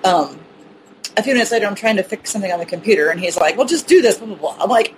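A woman veterinarian co-hosting a podcast, telling animated stories in casual chat and laughing often. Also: medium pitch, fast, slight background noise, low-quality recording. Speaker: veterinarian co-host.

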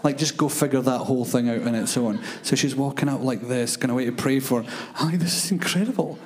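A man preaching in a church service, telling animated, rambling stories with many fillers. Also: medium pitch, quick pace. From Scotland. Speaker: guest preacher. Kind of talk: sermon storytelling.

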